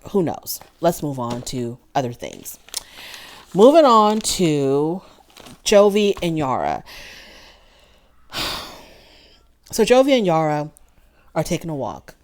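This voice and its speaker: A woman hosting a casual reality TV recap, opinionated and animated, thinking aloud with restarts. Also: low-pitched, slow, pauses often. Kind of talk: casual commentary.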